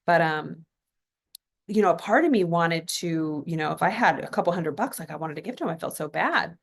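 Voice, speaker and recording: A woman's voice: fairly low pitch, fairly quick, creaky, slightly rough. A woman from California hosting a podcast, telling a story in a casual, chatty motivational talk full of fillers and asides. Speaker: podcast host.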